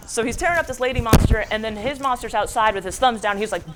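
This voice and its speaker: A woman's voice: mid-range voice, animated, brisk, few pauses, a bit bright, slight background noise. A young adult woman giving a jokey, slangy, casual book summary as a book club presenter.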